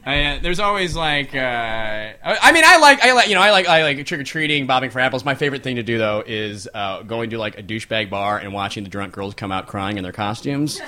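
A man's voice: mid-range voice, a little fast, hardly any pauses. A man performing a stand-up comedy set, acting out people around him in shifting voices. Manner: animated, acts out characters in shifting voices.

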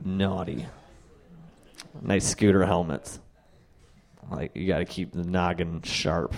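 A young man doing a stand-up set, telling wry stories and acting out other people's lines in quick asides. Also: sits low, fairly even intonation, creaky, darkish tone. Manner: wry storytelling with voiced asides. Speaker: stand-up comedian.

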